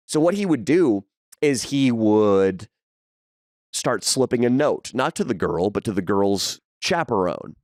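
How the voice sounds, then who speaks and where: A young man co-hosting a podcast, telling crude, animated stories in casual chat. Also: fairly low pitch, measured pace, dry recording, studio quality. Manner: animated storyteller, crude jokes. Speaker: podcast co-host.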